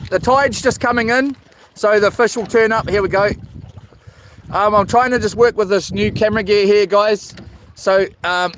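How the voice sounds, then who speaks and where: A man's voice: high voice, a bit bright, slight background noise. A man chatting with viewers while fishing outdoors on the ocean, rambling and swearing in mock-grumpy jokes. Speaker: fishing vlogger. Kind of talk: live-stream chat with viewers.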